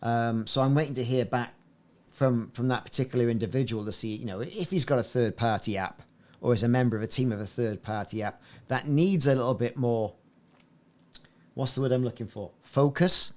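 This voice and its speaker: Man, gaming streamer, chatty rambling commentary, mid-pitched voice. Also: brisk. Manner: chatty, rambling, self-interrupting. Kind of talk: live-stream gameplay commentary.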